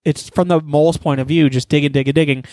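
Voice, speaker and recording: A man's voice: on the high side, fairly even intonation, fast talker, darkish tone, no room sound. A man animatedly retelling a story in casual chat, swearing often.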